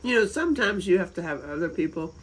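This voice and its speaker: A woman's voice: fairly low pitch, sing-song, fast talker, slight background noise, rough recording. A woman from North Carolina with a Southern accent, chatting casually and rambling on a livestream. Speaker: livestream host.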